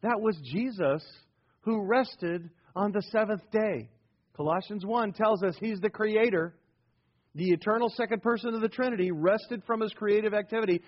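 Husky high-voiced preacher man. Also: moderate pace, highs cut off. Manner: preaching with rising emphasis and rhetorical questions. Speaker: pastor. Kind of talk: sermon.

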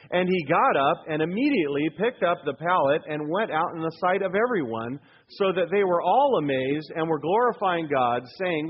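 A male pastor preaching a sermon in a church, emphatic, moving between loud urging and low, hushed points. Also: expressive, normal speed, few pauses, highs cut off, a little hiss or hum. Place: church sanctuary.

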